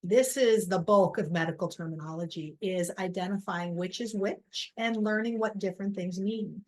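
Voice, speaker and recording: A woman's voice: mid-range voice, moderate pace. Casual, self-deprecating woman lecturer. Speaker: college biology instructor. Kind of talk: recorded lecture over slides.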